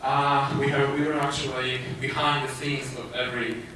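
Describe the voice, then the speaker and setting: A man with a Polish accent giving a conference talk, speaking haltingly with many filler sounds and restarts. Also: medium pitch, flat delivery. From Poland. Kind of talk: conference presentation. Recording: echoey hall, distant mic, noisy.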